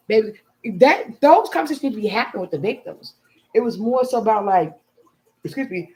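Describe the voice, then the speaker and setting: A woman's voice: medium pitch, lively intonation, moderate pace, darkish tone. A middle-aged woman with a Chicago-area accent hosts a casual livestream, reading viewer comments and speaking candidly and emphatically. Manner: candid, emphatic, sipping wine. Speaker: livestream host.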